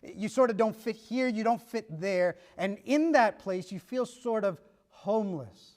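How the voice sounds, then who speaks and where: Middle aged guy preaching, kinda high voice, tells stories n acts out the convos. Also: expressive, unhurried, darkish tone. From United States. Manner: storytelling, acting out dialogue. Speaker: pastor. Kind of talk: sermon.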